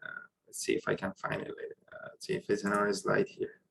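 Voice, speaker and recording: A man's voice: on the low side, monotone, fast talker, gravelly, fairly bright tone, a little hiss or hum, poor audio. A man teaching French in an online class, explaining pronunciation step by step and praising students' questions, speaking English with non-native phrasing over a computer mic.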